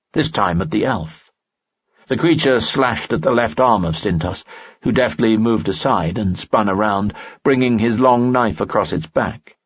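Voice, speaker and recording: A man narrating a fantasy audiobook in a steady, measured way. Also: on the low side, husky, dry recording. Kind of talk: scripted narration. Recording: dull, dry lo-fi audio.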